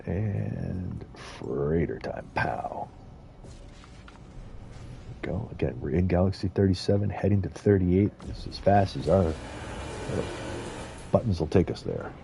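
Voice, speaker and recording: A man's voice: low voice, normal speed, creaky, mellow, slight background noise. A man streaming a video game, chatting casually and rambling with frequent chuckles. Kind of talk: casual gameplay commentary.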